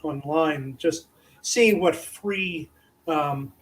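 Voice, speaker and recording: A man on a podcast panel, talking in a quick, chatty way. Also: fairly high pitch. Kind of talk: casual round-table chat.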